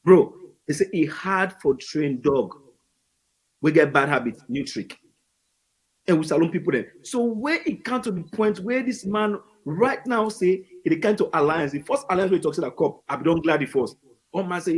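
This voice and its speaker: Hoarse Sierra Leonean man, husky and fairly high, excitable storyteller. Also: a little fast, poor audio. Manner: animated, excitable, mixing Krio and English. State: hoarse after losing his voice. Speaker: guest, party supporter. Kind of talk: emotional talk-show storytelling.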